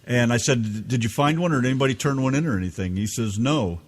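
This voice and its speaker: A man's voice: medium pitch, fast talker. A man from the United States telling an angry, profane story as a podcast co-host. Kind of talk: ranting storytelling.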